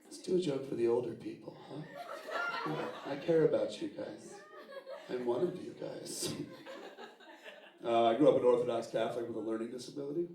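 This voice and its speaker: A man works a live stand-up set in a small theater, loose and profane, tossing quick asides to the crowd. He is picked up from some distance off the mic, so the room rings around him. A packed audience laughs and reacts underneath. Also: mid-range voice, reverberant. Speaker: stand-up comedian.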